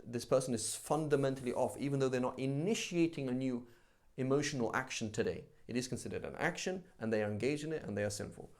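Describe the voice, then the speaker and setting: Man, religious teacher, live class, conversational, animated, mid pitch. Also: fast. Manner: conversational, animated, acts out examples. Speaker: Islamic teacher.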